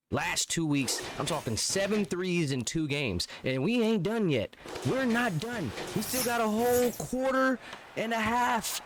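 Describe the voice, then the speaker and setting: A man giving live, chatty play-by-play commentary on a basketball video game, getting excited and joking as he calls the action. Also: on the high side. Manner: excitable, chatty, jokes and argues with the refs. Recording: loud game crowd noise behind.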